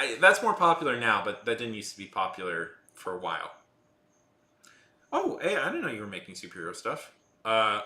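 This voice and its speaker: A man's voice: fairly low pitch, pushed and bright, echoey room. A man hosting a casual live chat, rambling with many restarts and fillers. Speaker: livestream host.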